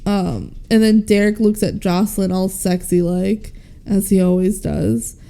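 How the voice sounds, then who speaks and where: A woman co-hosting a podcast, casually recapping a movie and quoting its characters in lively voices. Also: medium pitch, unhurried, creaky. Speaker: podcast co-host. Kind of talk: casual film recap chat.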